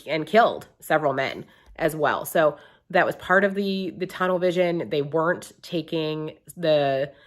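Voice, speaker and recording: A young woman with a low voice talks casually through her monthly book reviews. She rambles, restarts her sentences and fills the pauses with ums.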